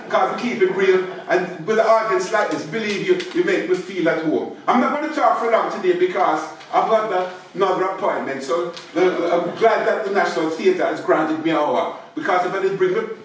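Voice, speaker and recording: A man's voice: high voice, brisk, hardly any pauses, a little hiss or hum. Chatty older man in an echoey hall. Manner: joking, chatty, keeps checking in with "yeah?". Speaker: photographer giving a public talk. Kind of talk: informal talk to an audience. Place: large theatre space. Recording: echoey hall, mic far off.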